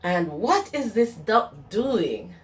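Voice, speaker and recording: A woman preschool teacher reading a picture book aloud to young children in a slow, sing-song storytelling way. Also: mid-range voice, sing-song.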